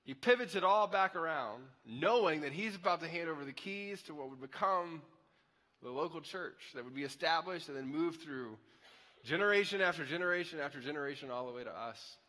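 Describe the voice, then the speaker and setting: Male pastor, animated conversational sermon, fairly high voice, reverberant auditorium. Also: brisk. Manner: conversational, animated storytelling with asides. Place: church auditorium. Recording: echoey hall.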